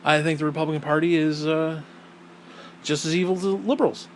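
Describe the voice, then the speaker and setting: A man's voice: on the high side, fairly quick, slight background noise, low-quality recording. Profane, emphatic man ranting. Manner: blunt and profane, emphatic swearing; animated, voice rising when indignant. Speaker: podcast host. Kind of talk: casual opinion monologue.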